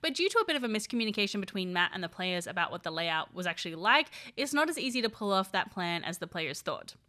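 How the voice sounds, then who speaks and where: A woman hosting a recap video, narrating events in a brisk scripted way. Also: medium pitch, sing-song, pushed and bright. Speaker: recap host.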